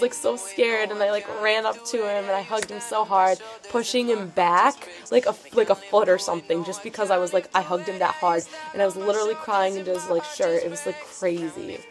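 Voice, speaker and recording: Gushing teen girl vlogger, music behind. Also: medium pitch. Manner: gushing, excitable, filler-heavy "like" talk. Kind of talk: casual storytelling vlog. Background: background music.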